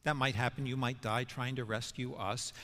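A man's voice: medium pitch, fairly even intonation, moderate pace, a bit bright, close to an everyday voice. A man acting out an insistent protesting disciple. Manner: insistent, rising emphasis. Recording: long hall reverb.

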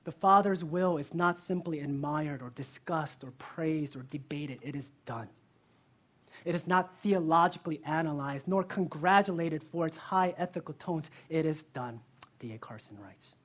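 Husky-voiced pastor preaching a sermon. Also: male voice, fairly high pitch, moderate pace. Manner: earnest, asks the listeners direct questions; lively storytelling.

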